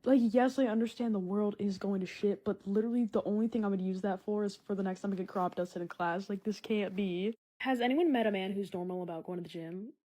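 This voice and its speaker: A teenage girl riffs through a comedic monologue in a sarcastic, deadpan-then-explosive way. She swings into loud, dramatic bursts of indignation between casual asides. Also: mid-range voice, quick pace, few pauses. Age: teens. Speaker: comedy vlogger.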